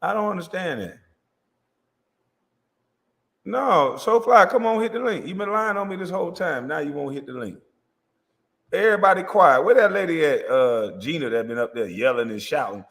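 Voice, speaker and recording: A man's voice: fairly high pitch, animated, moderate pace, vocal fry, long pauses, fairly bright tone, in a large hall. A man hosting a livestream, ranting boastfully and profanely and laughing often. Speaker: livestream host. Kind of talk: comedic livestream rant.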